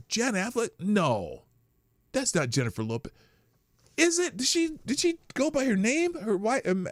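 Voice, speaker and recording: A man talking through his morning live stream in a lively, up-and-down voice, greeting chat viewers and tossing off wry asides. The sound is dry and close to the mic, with no room around it. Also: sits high, no echo.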